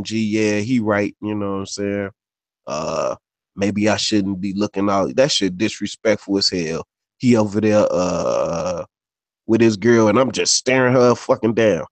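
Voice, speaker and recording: With a high voice and no echo, a man co-hosting a podcast chats casually and tells stories, heavy on slang and profanity and constantly adding "you know what I'm saying."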